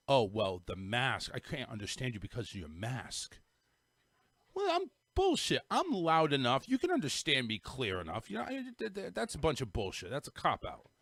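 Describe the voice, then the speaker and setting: A man's voice: fairly high pitch, fairly bright tone, no echo, studio quality. A middle-aged man with a Northern US accent, hosting a show and rambling through a story with many restarts. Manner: rambling storyteller, repeats words, restarts sentences. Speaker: podcast host. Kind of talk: casual chat.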